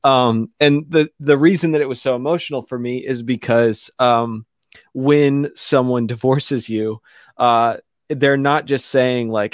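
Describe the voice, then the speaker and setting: A man telling a candid, emotional personal story as a guest on a radio talk show, halting often and restarting his sentences. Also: mid-range voice, no echo, clean studio sound. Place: radio studio.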